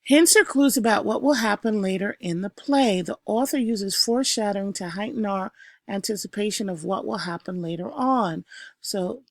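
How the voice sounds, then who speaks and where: A woman teacher recording a review lesson, calling out each term with emphasis and then explaining it slowly with the odd filler. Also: mid-range voice, vocal fry, dry recording, studio quality. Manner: slow, explanatory, punches each new term.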